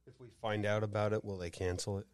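A man's voice: on the low side, little pitch movement, quick pace, darkish tone, clean tone. A man co-hosting a casual podcast, dropping wry, skeptical remarks. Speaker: podcast co-host. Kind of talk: casual chat.

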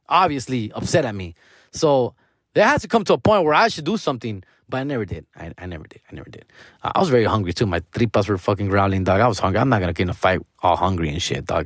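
A man's voice: medium pitch, a bit bright, no echo. Slangy profane young man, dry close mic. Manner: profane slangy street talk with Spanish words. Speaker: comedian telling a story. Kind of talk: casual storytelling.

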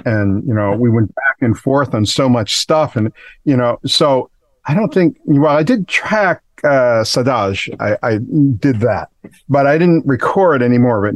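A man's voice: mid-range voice, no echo. Laid back guitarist guy, rambles w lots of you knows, dry close mic. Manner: relaxed, rambling with fillers. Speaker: guitarist, guest. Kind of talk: casual chat.

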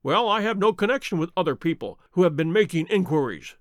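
A man's voice: high-pitched, fairly quick, dry recording. A man doing a cool, offhand detective. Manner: calm, offhand, dry. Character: cool, cunning male detective, composed. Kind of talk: audiobook character reading.

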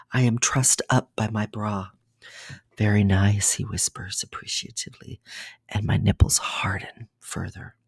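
A breathy, hushed storyteller in a whispered role-play reading that keeps slipping into an unvoiced whisper. The pitch sits in the middle, and the sound is close and dry. Small slips and restarts mark the narration. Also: dry recording. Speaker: podcast storyteller.

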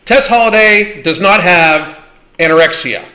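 A man's voice: high voice, lively intonation, measured pace, bright, forceful tone. A man hosting a livestream Q&A, talking in a blunt, profane and combative way. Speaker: livestream host. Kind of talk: livestream Q&A rant.

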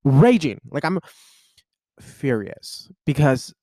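A young man in his twenties rambles through a casual solo podcast, stacking up fillers as he vents. His pitch swings a great deal and leaps up when he gets worked up. The recording is dry and close, with no room sound. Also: sing-song, takes it slowly, mellow, no echo. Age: 20s. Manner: rambling and chatty, full of "like" and "you know" fillers; emotional and venting, with sudden jumps in pitch. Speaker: podcast host.

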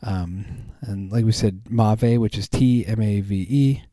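A man's voice: fairly low pitch, slow, mellow, no echo. A man hosting a podcast, chatting casually in a rambling way with many ums and restarts. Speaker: podcast host. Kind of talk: casual chat.

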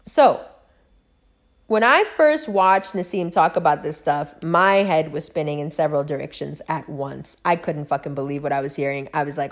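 A middle-aged woman telling a rambling personal story in a casual monologue, swearing freely and swinging between loud excitement and hushed recounting. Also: low voice, normal speed. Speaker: vlogger.

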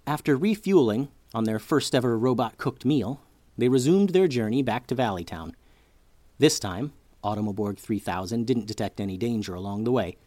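A man's voice: medium pitch, lively intonation, normal speed, mellow, no room sound. A man hosting a children's story podcast who narrates expressively, like a storyteller for kids.

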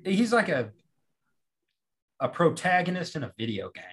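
A man's voice: fairly high pitch, sing-song, moderate pace. A young man in casual chat, blunt and jokey, cursing freely.

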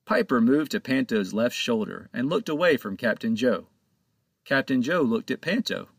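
A man narrating his own children's pirate storybook in a lively, expressive reading, close to the mic. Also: mid-range voice, moderate pace, creaky, no echo. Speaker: author and narrator.

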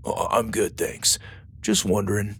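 A man's voice: on the low side, little pitch movement, measured pace, a little hiss or hum, close to an everyday voice. A man voicing a grumpy, secretive teenage boy cadet who mumbles awkwardly. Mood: sheepish.

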